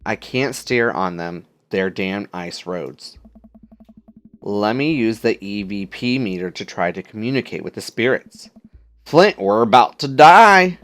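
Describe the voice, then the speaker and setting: A man voicing a boisterous ghost-hunting trucker with a Southern US drawl, loud and panicky. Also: on the low side, expressive, unhurried. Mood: panicked.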